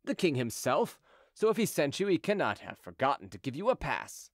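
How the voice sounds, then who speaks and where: A courteous gate officer who will not bend on the rules, read by a man in an audiobook. He sounds polite and firm. The voice sits fairly high, with a lively lilt, and the sound is dry. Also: brisk, dry recording. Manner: courteous but unyielding.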